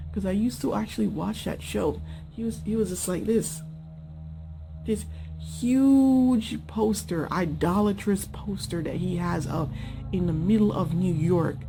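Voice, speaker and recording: A woman's voice: mid-range voice, gravelly. A woman casually telling the story of a dream she had, in an informal, chatty way with lots of fillers. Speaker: dreamer sharing a testimony. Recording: music playing behind.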